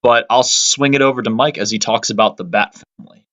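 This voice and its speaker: A man's voice: lowish voice, a little fast, fairly bright tone, poor audio. A man co-hosting a comic book podcast, speaking hesitantly with frequent "um" and "basically". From Pennsylvania, US. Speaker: podcast co-host. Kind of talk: casual chat.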